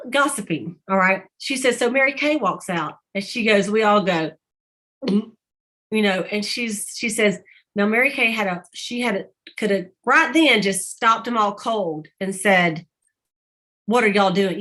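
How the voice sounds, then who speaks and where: A woman's voice: medium pitch, a bit bright. A middle-aged woman, chatting casually to her sales team and retelling stories with quoted voices and laughter. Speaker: sales team leader on a group call. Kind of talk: casual storytelling to a team call.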